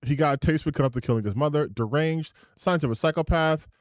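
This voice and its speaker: A man's voice: a little high, fast talker, dry recording. Indignant, sarcastic male streamer, dry sound. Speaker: streamer reacting to clips. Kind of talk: profane reaction commentary.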